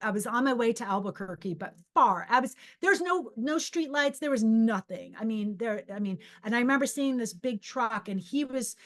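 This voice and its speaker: A woman's voice: a little high, expressive, normal speed, few pauses, fairly bright tone. A middle-aged woman who hosts a podcast as a psychic medium, telling a personal story in a casual, rambling way. She restarts sentences often and acts out her own inner voice.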